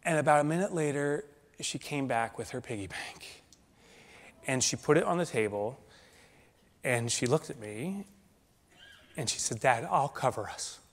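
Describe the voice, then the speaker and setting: A male keynote speaker telling a dramatic personal story to a live audience, swinging from loud and animated to hushed and slow. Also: medium pitch. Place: large conference hall. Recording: long hall reverb.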